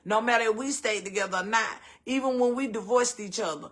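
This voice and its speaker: Southern lady in her middle years just talking, cusses a bit, voice real bright and forward. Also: on the high side, fairly quick. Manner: blunt, profane, acts out quoted voices. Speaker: host. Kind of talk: casual storytelling chat.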